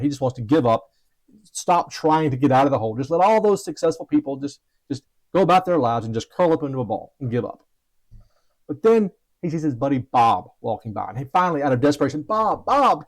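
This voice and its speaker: A man's voice: mid-range voice, darkish tone. A man coaching traders, giving an earnest motivational talk with storytelling and some stammered restarts. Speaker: trading coach.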